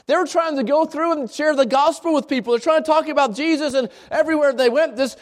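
A man's voice: extremely high pitch, quick pace, few pauses. A man preaching a sermon in an earnest way, often repeating and restarting his phrases. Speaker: pastor.

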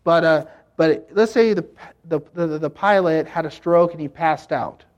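A man preaching a sermon in an earnest, halting way, with many fillers and restarts. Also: on the high side, muffled recording.

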